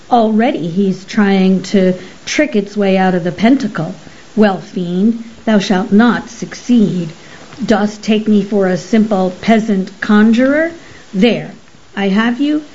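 A woman's voice: mid-range voice, slow, darkish tone, highs cut off, natural voice. A woman reading the part of a stern Elizabethan male conjurer who lectures in archaic, severe speech. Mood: scornful.

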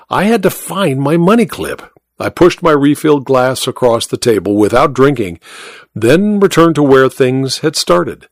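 A man narrating a first-person noir tale as the host of a story show, hardboiled and measured. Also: medium pitch, dry recording, studio quality.

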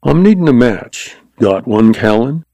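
A man's voice: medium pitch, big pitch swings, warm tone, no echo, lo-fi sound. A man voicing a cool, taunting Old West gunfighter who drawls his words with mockery. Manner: slow, drawling, mocking.

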